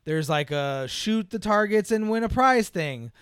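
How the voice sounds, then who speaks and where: High, bright-voiced young man rambling. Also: lively intonation, measured pace, clear, resonant tone, dry recording, studio quality. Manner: rambling, profane, full of "like" and laughs. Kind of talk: casual movie chat.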